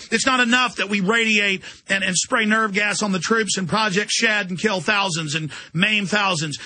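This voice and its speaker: This radio host launches into an intense political rant, repeating words as he grows heated. His voice sits high and sounds bright and forceful, moving at normal speed with hardly any pauses.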